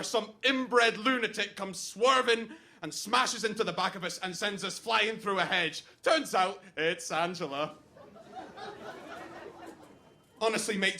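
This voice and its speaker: A man's voice: sits high, bright, forceful tone, a little hiss or hum, heavily acted. A man playing a jealous, crude best man giving a mocking comic wedding toast. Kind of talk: comic stage monologue.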